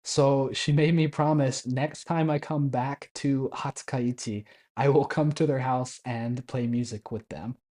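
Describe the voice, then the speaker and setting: A man in his twenties tells a travel story in a relaxed, unhurried way. His voice is mellow and soft-edged. He chats casually, laughing now and then and acting out short quoted Japanese lines. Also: mid-range voice. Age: 20s. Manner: chatty, laughs often while telling; acts out quoted Japanese phrases.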